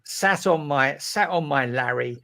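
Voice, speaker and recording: Gravelly man, halting and hesitant. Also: fairly high pitch, fairly bright tone. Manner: hesitant, halting, many ums and repeats. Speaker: regular contributor. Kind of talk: casual talk show chat.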